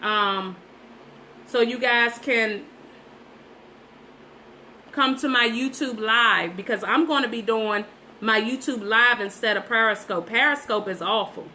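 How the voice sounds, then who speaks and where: Slow-talking, bright-voiced woman livestreaming. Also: fairly high pitch, slight background noise, poor audio. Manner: chatty, repeats herself, talks straight to viewers. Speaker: livestream host painting sunflowers. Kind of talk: casual live-stream chat while painting. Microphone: phone.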